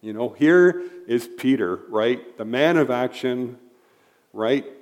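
A man's voice: medium pitch, slow pace, long pauses, a little mellow. A man preaching a sermon in a conversational way, retelling Bible stories with frequent asides to the listeners. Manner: conversational, frequent "right?" and "you know" asides.

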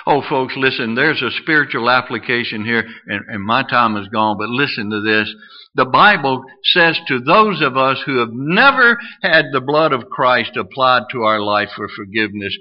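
A man preaching a sermon, swinging from raised emphatic lines to hushed, drawn-out ones. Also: highs cut off. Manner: animated, swings from booming to hushed.

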